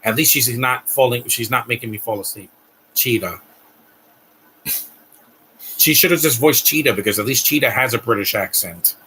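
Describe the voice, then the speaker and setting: A man's voice: medium pitch, moderate pace, long pauses, pushed and bright, a little hiss or hum, low-quality recording. A man hosting a live stream, giving a blunt, ranting movie reaction commentary with frequent restarts.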